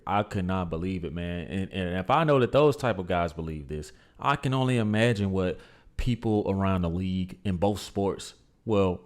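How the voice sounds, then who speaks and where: A man's voice: low voice, darkish tone. Emphatic man giving reaction commentary. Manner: opinionated, emphatic, addresses viewers as guys. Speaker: commentary channel host.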